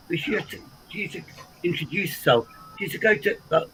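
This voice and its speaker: English man, bright animated swearing chat. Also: sits high, fast talker, a little hiss or hum, poor audio. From England. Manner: animated, swears freely, repeats himself. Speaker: livestream host. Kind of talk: casual chat.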